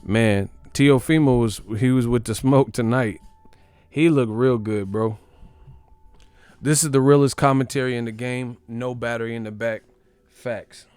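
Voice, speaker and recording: A man's voice: mid-range voice, fairly even intonation, measured pace, a little mellow, clear, resonant tone, dry recording. Profane trash-talking boxing commentator man. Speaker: boxing commentator, channel host. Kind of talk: casual boxing commentary rant.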